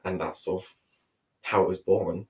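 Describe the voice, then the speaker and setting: A young British man and drag performer, chatting casually as a podcast guest, full of fillers and quick laughs. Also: low voice, fairly even intonation, low-quality recording. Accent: British English.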